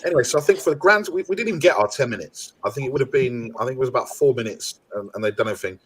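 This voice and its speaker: A man, mid-pitched, tells a rambling podcast anecdote. He leans on fillers and acts out the quoted dialogue in his story. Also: animated, rapid-fire, slight background noise. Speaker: podcast co-host. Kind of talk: casual chat.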